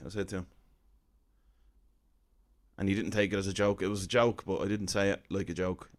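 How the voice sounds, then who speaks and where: A man's voice: low voice, little pitch movement, a little fast, long pauses. A man in his thirties with an Irish accent, telling a comic story in a wry, self-deprecating, conversational way. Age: 30s. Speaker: comedian storyteller.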